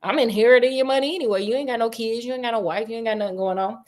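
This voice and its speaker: Woman playing a bored antisocial older brother, dismissive, drawling, sassy, high. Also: rapid-fire, darkish tone, lightly acted. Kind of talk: casual storytelling.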